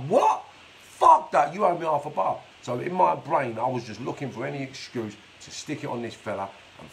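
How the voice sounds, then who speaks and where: This is a casual storytelling monologue from a man with a gravelly, mid-range voice, recounting his life on a live stream in a streetwise, blunt manner full of swearing. Captured through a phone or webcam, the audio is rough and carries a faint hiss or hum.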